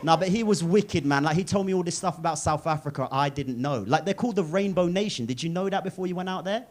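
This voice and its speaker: A man's voice: on the high side, fast. A man in his twenties from England doing live stand-up in a comedy club, teasing the crowd and swearing freely. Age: 20s. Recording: noisy live club recording. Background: audience laughter.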